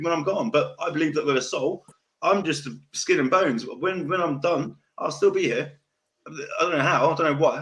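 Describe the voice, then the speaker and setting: A man's voice: fairly high pitch, a bit bright. A young man with a South London accent hosting a podcast, chatting casually in a rambling, sweary way and repeating himself. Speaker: podcast host. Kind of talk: casual chat.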